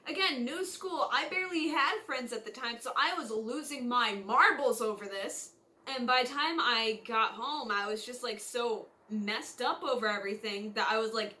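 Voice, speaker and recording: Young female vlogger, high and bright, chatty storyteller who acts out quotes. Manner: chatty, filler-heavy, acts out quotes in lively voices. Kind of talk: casual storytime monologue.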